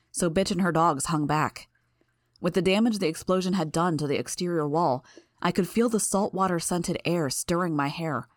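A woman narrating a first-person audiobook in a steady, measured reading. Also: on the low side, no echo, studio quality.

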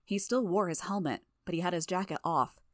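Female audiobook narrator; low, steady first-person storytelling with a dry, close sound. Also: brisk, dry recording.

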